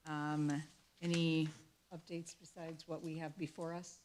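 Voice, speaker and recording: A woman with a low voice chairs a school board meeting. She calls for motions and reads formal resolutions aloud in a steady, businesslike way. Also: unhurried, slight background noise, low-quality recording.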